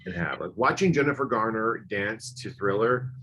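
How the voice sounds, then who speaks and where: A man's voice: lowish voice, animated, moderate pace, a bit bright, slight background noise. A man co-hosting a podcast, chatting casually and enthusiastically, rambling with lots of fillers. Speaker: podcast co-host. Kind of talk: casual chat.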